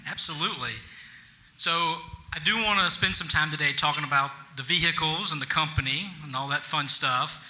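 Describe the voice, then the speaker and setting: Southern man, club moderator, folksy and self-deprecating, bright higher voice. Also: normal speed, slight background noise, poor audio. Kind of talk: stage interview. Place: event hall, at a podium.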